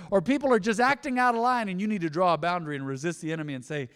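Emphatic pastor with a long reverb. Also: male voice, sits high, fast, hardly any pauses, smooth. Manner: emphatic, swings between loud peaks and hushed drops. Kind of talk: sermon. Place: church sanctuary.

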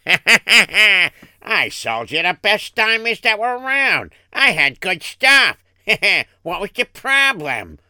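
A man's voice: high-pitched, big pitch swings, slow, pushed and bright, clear, resonant tone, no echo, heavily acted. A man voicing a sly, crooked male merchant who chuckles and wheedles as he talks. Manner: chuckling, wheedling, laughs often.

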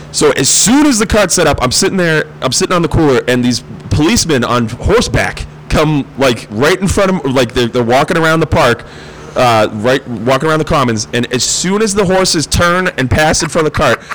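Animated, profane man telling stories. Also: on the high side, moderate pace, low-quality recording. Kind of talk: casual chat.

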